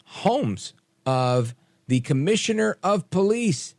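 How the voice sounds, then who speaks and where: A man hosting a late-night talk radio show, animated and opinionated with quick asides. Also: high-pitched, no echo, studio quality. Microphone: studio microphone.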